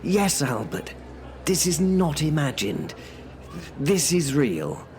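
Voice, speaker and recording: A man's voice: on the high side, big pitch swings, slow, a little mellow. Man doing a patient, exasperated interviewer. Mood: soothing. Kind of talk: comedy audio drama.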